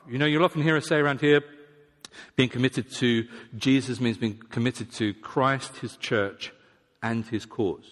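Preacher in a reverberant hall. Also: male voice, medium pitch, expressive, normal speed, fairly bright tone. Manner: conversational, self-deprecating, acts out voices of imagined people. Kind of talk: sermon.

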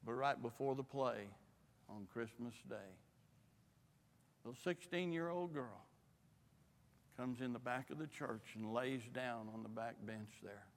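A man preaching a missionary sermon, impassioned and rising to shouts, in a church. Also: mid-range voice, a little slow, long pauses. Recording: long hall reverb.

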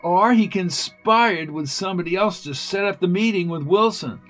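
A man's voice: high-pitched, moderate pace, a bit bright, faint music behind, voice pushed up. A man reading aloud as a woman investigator who talks the case through. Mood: reasoning. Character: reasoning female assistant investigator.

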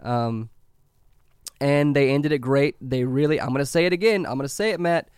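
A man's voice: medium pitch, moderate pace, a little mellow, clear, resonant tone, dry recording, studio quality. Laughing young man chatting about movies. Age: 20s. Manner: laughs often, restarts and repeats words. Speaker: podcast co-host. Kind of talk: casual chat about movies.

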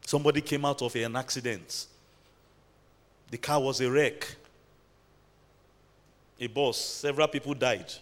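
A man's voice: mid-range voice, pushed and bright. A man preaching a sermon in a church, building to emphatic bursts and calling out to the congregation. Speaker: pastor.

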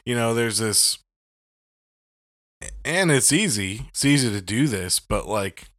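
A man's voice: mid-range voice, lively intonation, slow, a bit bright, dry recording, studio quality. A man in a casual faith chat, talking bluntly and heatedly with lots of swearing and fillers. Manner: blunt, profane and heated, rambling with many fillers.

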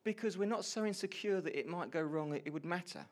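A man gives a sermon to a congregation in a fairly high voice. He tells a story with lively energy and acts out his quoted lines with loud outbursts. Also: quick pace. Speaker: pastor. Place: church hall before a congregation.

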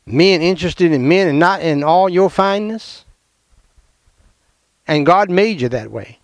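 A gravelly, somewhat high-pitched man preaches a fiery sermon from the pulpit. He talks in an emphatic, confrontational way and breaks into sudden outbursts. The sound is dry and close, with no room echo. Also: expressive, unhurried. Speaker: pastor.

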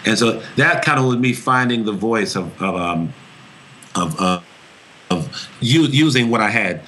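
A man with a low-pitched voice answering interview questions in a reflective, earnest way. He circles back and restarts phrases as he thinks. The talk is unhurried and sincere. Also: lively intonation, pushed and bright, slight background noise. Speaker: actor talking about his voice.

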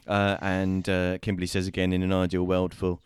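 A man hosting a casual discussion show over a remote call, talking with many pauses, fillers and restarts. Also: deep voice, completely flat delivery, smooth, no echo. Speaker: host.

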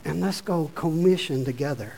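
A man preaching a sermon, informal and conversational, rising from quiet asides to loud exhortation. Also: fairly high pitch, normal speed, gravelly, slight background noise, low-quality recording.

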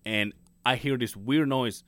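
A man's voice: mid-range voice, measured pace, a bit bright, no room sound. Man, casual podcast chat, swears a lot, laughs often, dry close sound. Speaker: podcast co-host.

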